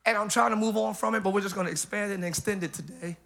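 Male pastor, live church sermon, joking, hyped, shouting asides, high bright voice. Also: steady tone, very fast, gravelly. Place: church service.

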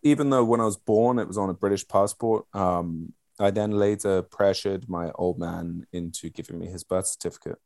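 A man in his thirties, a guest telling stories in a casual, animated way, swearing and using lots of fillers. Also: deep voice, normal speed, hardly any pauses, no echo. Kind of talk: casual conversational storytelling.

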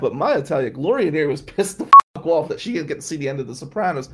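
Speaking fast with few pauses in a higher-leaning voice, this Atlantic City attorney and podcast host rants profanely through his stories. He's middle-aged and sounds worn out, and the background is noisy during his casual monologue.

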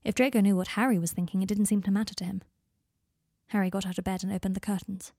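A woman reads a story aloud in a calm, even voice. Her tone is dark and mellow with a gravelly edge, and the sound is dry and close. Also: mid-range voice, quick pace, no room sound. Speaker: fan fiction reader. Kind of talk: story narration.

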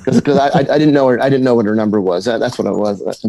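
This musician and guitar teacher has a gravelly voice at an ordinary pitch, recorded dry and close. Telling stories in a relaxed interview like a regular guy, he stumbles, restarts sentences, repeats words, and laughs.

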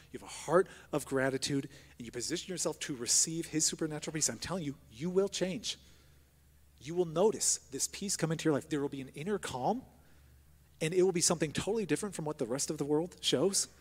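A man preaching a sermon as pastor, moving between hushed prayer and loud, emphatic exhortation. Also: a little high, husky. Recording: long hall reverb.

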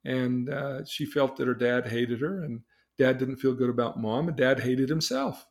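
A man's voice: medium pitch, normal speed, vocal fry. An older man, a therapist hosting a podcast, telling a client's story conversationally and acting out the dialogue. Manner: conversational, acts out dialogue in different voices.

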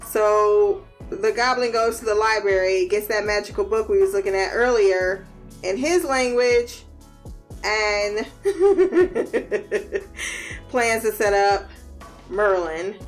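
A woman recaps a show in a casual, slangy way, acting out the characters' lines and cursing freely. Her voice sits fairly high and she speaks slowly, with faint music underneath. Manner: animated, acts out characters' lines, laughs often. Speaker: episode recap vlogger.

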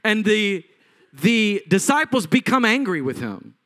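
High-voiced animated preaching man. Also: unhurried. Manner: animated storytelling, acting out voices, swings from loud to hushed. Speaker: pastor. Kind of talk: sermon.

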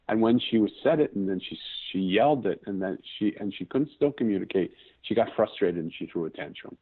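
Husky-voiced man on a tinny line. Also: fairly low pitch, animated, quick pace, hardly any pauses. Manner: earnest, searching for words, restarts sentences. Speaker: podcast guest. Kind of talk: reflective personal storytelling.

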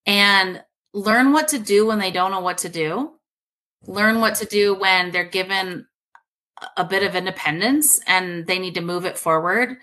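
A woman's voice: mid-range voice, unhurried, sharp tone. A woman guest author answering interview questions in a passionate, earnest way.

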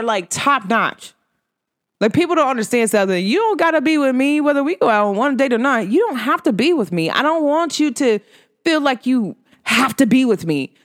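A woman hosting her podcast, talking casually about spirituality and telling a personal story in an animated way, full of "like". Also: a little high. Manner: animated storytelling, filler-heavy with frequent "like". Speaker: podcast host.

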